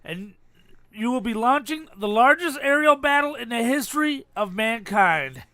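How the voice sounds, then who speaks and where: A man's voice: very high voice, animated, moderate pace, sharp tone, dry recording, heavily acted. A man imitating a president giving a rousing war speech, solemn and over-emphatic.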